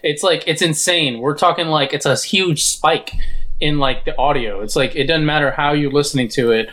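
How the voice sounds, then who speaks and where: A man co-hosting a casual podcast, talking excitably and swearing freely. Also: on the high side, moderate pace. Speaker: podcast co-host. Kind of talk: casual chat.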